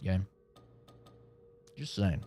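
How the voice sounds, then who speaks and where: A man's voice: takes it slowly, warm tone, soft background music. A male game streamer chatting casually with his viewers. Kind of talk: casual live-stream chat.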